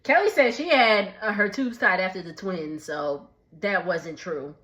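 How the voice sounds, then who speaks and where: A woman's voice: mid-range voice, measured pace, fairly bright tone. A woman chatting casually as she recaps a TV episode, laughing often between remarks. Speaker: recap vlogger.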